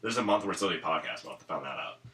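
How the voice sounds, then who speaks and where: Fast-talking deep-voiced young man. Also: lively intonation, bright, forceful tone. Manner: rambling storyteller, swears casually. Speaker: podcast guest. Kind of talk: casual chat.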